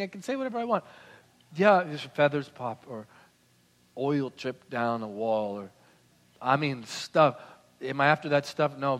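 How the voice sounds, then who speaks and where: A man preaching a sermon, swinging between loud declarations and soft, intimate murmuring. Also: fairly high pitch. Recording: hall reverb.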